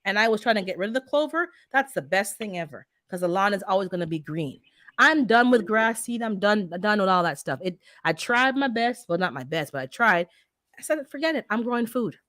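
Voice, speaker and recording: A woman hosting a gardening channel, chatting casually and telling a story with animated, heated energy. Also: medium pitch, a little fast, no echo, clean studio sound. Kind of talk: casual chat.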